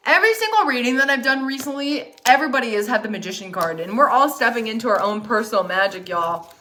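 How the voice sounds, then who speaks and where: A woman does an informal tarot reading, speaking directly and encouragingly to viewers in a blunt, chatty style full of swearing. She's animated and quick, her voice on the high side, bright, and forceful, with slight background noise.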